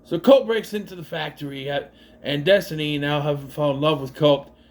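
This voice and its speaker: A man's voice: on the high side, fairly quick. A man giving a casual, rambling movie recap, laughing at the gags and acting out quoted lines. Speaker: movie reviewer.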